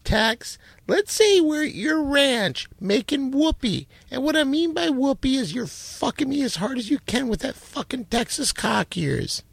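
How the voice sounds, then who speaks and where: A woman's voice: sits high, big pitch swings, unhurried, vocal fry, few pauses, breathy edge, no room sound, heavily acted. A woman voicing a brash, crude bachelorette asking contestants questions. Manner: blunt, crude.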